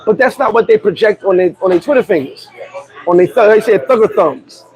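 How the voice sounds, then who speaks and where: Male vlogger, high pitch, animated and joking rant, street crowd audible behind. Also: brisk, rough recording. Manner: animated, joking, swears freely. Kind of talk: casual rant to camera.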